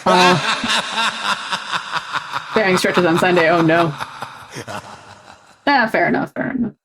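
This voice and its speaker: A woman's voice: on the low side, slow, fairly bright tone, a little hiss or hum. A young adult woman streamer in casual chat, talking in loose runs full of fillers and restarts. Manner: chatty, many fillers and restarts. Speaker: streamer and co-host.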